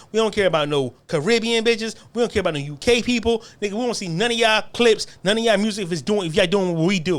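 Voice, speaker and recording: Heated man ranting, high-pitched voice. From United States. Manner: forceful, repetitive, confrontational. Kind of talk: heated monologue rant.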